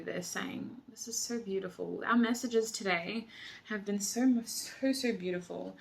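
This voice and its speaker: A woman's voice: medium pitch, takes it slowly, creaky. A woman doing a tarot reading, talking effusively and emotionally, often exclaiming over the cards. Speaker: tarot reader. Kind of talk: tarot reading, channeled messages.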